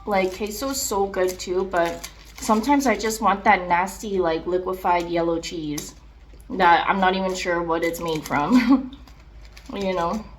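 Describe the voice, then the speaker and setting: A young woman in a mukbang vlog, chatting casually and excitedly between bites, with lots of "like" and appreciative "mm" sounds. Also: lowish voice, measured pace, a little hiss or hum. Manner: chatty, filler-heavy, excitable, with chewing and "mm" sounds between remarks. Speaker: mukbang vlogger. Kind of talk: casual chat while eating.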